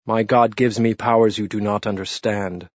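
A man's voice: on the low side, fairly even intonation, normal speed, no room sound, close to an everyday voice. A man voicing a defiant, blasphemous peasant assassin who taunts his captors with weary contempt, in an audiobook reading. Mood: contemptuous defiance. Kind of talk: audiobook narration. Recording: dull lo-fi dry read.

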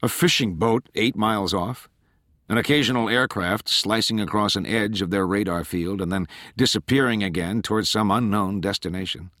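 A man narrating an audiobook in a measured, steady way. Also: fairly low pitch, no echo, studio quality. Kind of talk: scripted narration.

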